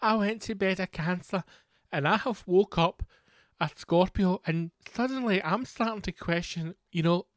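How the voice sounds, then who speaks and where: A whiny, self-absorbed believer in star signs pours out earnest worries in a raised, softer voice, as a man mocks them on a comedy podcast. The tone is plainly a send-up. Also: sits high, moderate pace, dry recording, clean studio sound, lightly acted.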